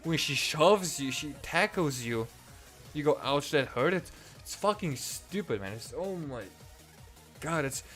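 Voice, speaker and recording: A man's voice: on the high side, expressive, unhurried, fairly bright tone, soft background music. A man reviewing comics in a profane, exasperated and sarcastic rant.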